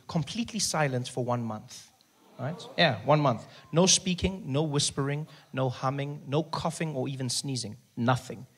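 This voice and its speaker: A man telling a stand-up comedy story, acting out other people in hushed and loud voices. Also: medium pitch, slightly rough. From South Africa. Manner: animated, acts out characters in hushed and loud voices.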